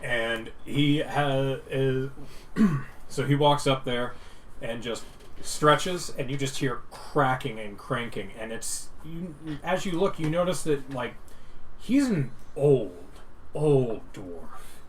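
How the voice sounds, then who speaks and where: A man's voice: medium pitch, expressive, slow pace, far from the mic, slight background noise, poor audio. A man narrating as game master in a loose, rambling way, full of filler words.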